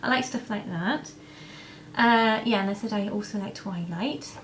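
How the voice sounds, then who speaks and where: A woman's voice: medium pitch, a little slow, slight background noise. Rambling woman chatting to camera. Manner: rambling, hesitant, many ums and restarts. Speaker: vlogger answering viewer questions. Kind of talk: casual chat to camera.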